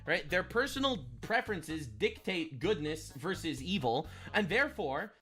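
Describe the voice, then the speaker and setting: A man's voice: a little high, expressive, normal speed, bright, forceful tone, soft background music. Emphatic, preachy male streamer. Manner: emphatic, preachy, keeps asking "all right?". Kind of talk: political talk on a live stream.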